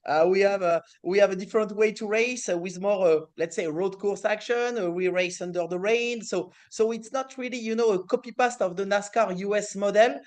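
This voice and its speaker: A middle-aged man with a French accent, a racing series president answering interview questions in halting English with many fillers. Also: high voice.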